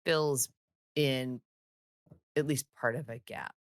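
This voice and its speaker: A woman co-hosting a podcast in casual, upbeat chat with quick asides. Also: very deep voice, steady tone, no room sound. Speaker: podcast co-host.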